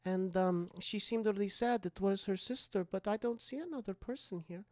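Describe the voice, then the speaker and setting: A man voicing a sweet, overly polite nine-year-old adopted girl in a soft, hushed, earnest voice. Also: sits high, normal speed, dry recording, studio quality, close to an everyday voice. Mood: sweet, wistful.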